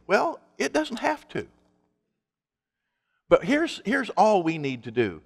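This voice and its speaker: A man's voice: high-pitched, huge pitch swings, slow pace, creaky, long reverb tail. A male pastor preaching a sermon in an emphatic, conversational way, asking his congregation rhetorical questions.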